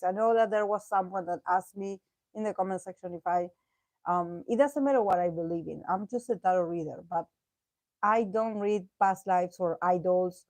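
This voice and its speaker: A woman talks through a tarot reading in a loose, chatty way, laughing often and restarting her sentences. Her voice sits at a middling pitch and is recorded close and dry, with almost no room sound. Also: darkish tone, dry recording. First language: Spanish. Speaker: tarot reader. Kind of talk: casual tarot reading commentary.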